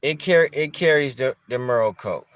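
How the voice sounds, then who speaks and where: A man's voice: mid-range voice, moderate pace, clear, resonant tone. Man musing aloud with rhetorical questions. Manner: conversational, rhetorical questions, repeats himself. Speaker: dog breeder talking to camera. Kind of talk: casual monologue.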